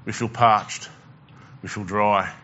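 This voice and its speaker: A man's voice: on the low side, fairly even intonation, slow, pushed and bright, muffled recording. A male pastor preaching a conversational sermon, asking the congregation questions and repeating words as he goes.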